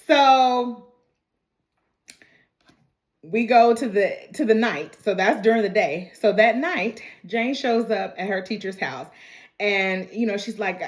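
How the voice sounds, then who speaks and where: A woman giving a casual, animated recap of a TV episode, laughing often and swearing freely. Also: mid-range voice, takes it slowly. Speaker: TV recap vlogger.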